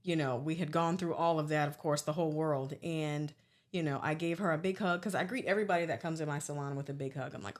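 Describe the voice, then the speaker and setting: A woman's voice: on the low side, fast. A woman hosting a podcast, chatting earnestly and calling her guest "girl". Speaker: podcast host; salon owner. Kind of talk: casual chat.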